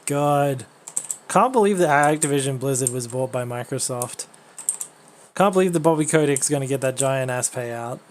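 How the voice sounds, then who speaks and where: Playful low-voiced woman streamer. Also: animated, moderate pace, a little mellow. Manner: playful, breaks into silly voices. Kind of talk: casual gameplay chat.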